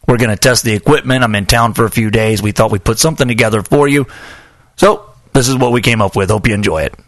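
A man's voice: mid-range voice, quick pace. A man hosting a podcast from a small home studio, chatting in a joking, rambling way. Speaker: podcast host. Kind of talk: casual chat.

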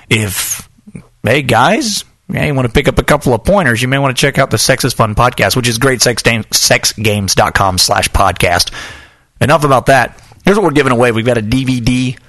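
A man's voice: medium pitch, animated, a little fast, a bit bright, no room sound. A man hosting a podcast from a small home studio, chatting in a joking, rambling way. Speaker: podcast host. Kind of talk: casual chat.

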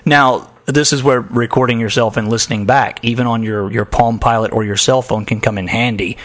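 A man's voice: mid-range voice, steady tone, a little fast, a bit bright. A man with a trained radio voice hosting a casual, frank advice talk, joking and laughing often. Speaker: podcast host.

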